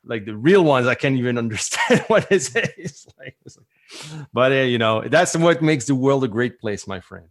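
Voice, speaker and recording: A man's voice: mid-range voice, animated, moderate pace. A middle-aged man, a guest entrepreneur, talking enthusiastically in a rambling, casual way. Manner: enthusiastic, rambling with many "like" fillers. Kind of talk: casual conversational interview.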